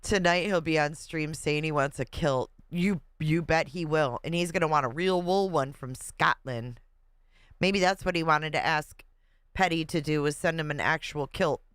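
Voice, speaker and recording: Chatty host with a smooth, dry voice. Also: mid-range voice, moderate pace, a bit bright, no echo. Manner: chatty, laughs often, reads comments aloud. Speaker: livestream host. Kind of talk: casual livestream chat reading viewer comments.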